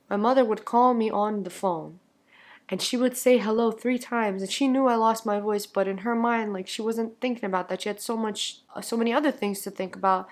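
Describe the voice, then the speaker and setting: Woman with a hoarse, laryngitis-lowered voice. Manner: earnest, reflective, laughs between thoughts. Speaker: singer and content creator. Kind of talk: casual vlog to camera.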